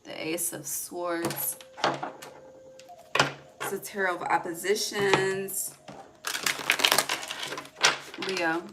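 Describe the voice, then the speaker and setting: Chatty low-voiced woman doing a tarot reading. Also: flat delivery, takes it slowly, very noisy. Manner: chatty, rambling, laughs often, trails off mid-sentence. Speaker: tarot reader. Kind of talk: casual spoken tarot reading.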